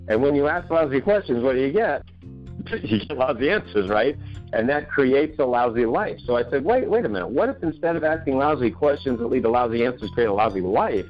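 A man, a self-help author, guesting on an interview show and telling his story with emphatic, animated delivery. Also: a little high, moderate pace, lo-fi sound, faint music behind. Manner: emphatic, acts out his own questions with rising energy.

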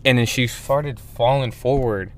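A man's voice: mid-range voice, unhurried. Rambling swearing man in his twenties. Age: 20s. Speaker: podcast co-host. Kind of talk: casual chat.

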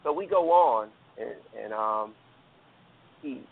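A man's voice: mid-range voice, lively intonation, takes it slowly. A man earnestly telling a long personal story, rambling with fillers and restarts, over a phone line. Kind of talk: casual storytelling.

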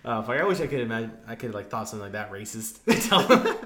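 A man's voice: lowish voice, sing-song, quick pace, fairly bright tone. Mocking, crude man on a podcast. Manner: crude, mocking banter with mock voices. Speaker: podcast co-host. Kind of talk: casual chat. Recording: echoey room.

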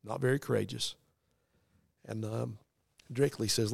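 A middle-aged man tells a story from his own life in an earnest, folksy preaching style. His low voice has a gravelly grain. The recording is close and dry, with no room sound. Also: moderate pace, long pauses, no echo. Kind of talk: dramatic storytelling testimony.

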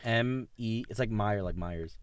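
A young man co-hosting a podcast, chatting casually and excitedly about football, laughing often and trailing off mid-sentence. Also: lowish voice, measured pace, clear, resonant tone, dry recording. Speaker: podcast co-host. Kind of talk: casual sports chat.

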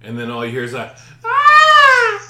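Animated cursing man, echoey room. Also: mid-range voice, fairly quick. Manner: profane, animated storytelling with shouted reenactments. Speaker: podcast co-host. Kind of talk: casual chat.

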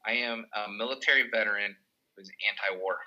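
A man co-hosting a podcast, chatting in an earnest, animated way. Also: lowish voice, a little fast, highs cut off. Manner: earnest, animated, slips into impressions. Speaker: podcast co-host. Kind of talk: casual chat.

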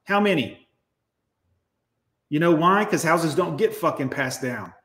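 A man hosting a livestream pours out a blunt, profane rant. He talks straight to his viewers with hard emphasis. His voice sits a touch higher than most men's, and the room around him echoes. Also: animated, a little slow, fairly bright tone. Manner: addresses viewers directly. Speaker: livestream host. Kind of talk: ranting livestream commentary.

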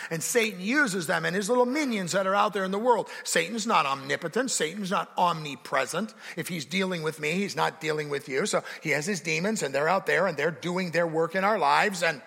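A pastor preaches with rising emphasis, slipping into dramatic quoted voices. His voice is gravelly, bright and fairly high for a man. A long reverberant church hall rings behind him. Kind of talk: sermon.

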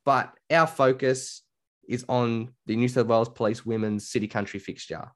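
An Australian man co-hosts a podcast in a relaxed, chatty way. He tells stories with animation and acts out what other people said. His voice sits in a middle pitch. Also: moderate pace. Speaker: podcast co-host. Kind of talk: casual chat.

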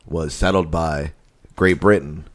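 A man's voice: a bass voice, steady tone, a little slow. A man chatting casually while reacting to a video with a co-host, making dry, blunt jokes.

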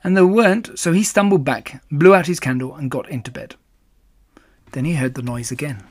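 A man narrating a children's storybook with calm, even storytelling. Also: fairly high pitch, normal speed.

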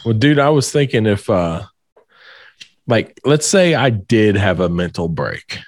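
A man's voice: on the low side, big pitch swings, unhurried, no room sound, clean studio sound. A young man in casual conversation, laid-back, musing aloud and swearing casually. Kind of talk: casual podcast chat.

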